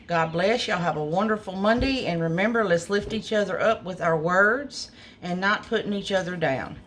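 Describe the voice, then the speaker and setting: A fairly low-pitched, somewhat bright voice at normal speed belongs to a small restaurant cook filming a casual cooking video on her phone. Homey and chatty, she addresses viewers as y'all, and there's a little hiss or hum.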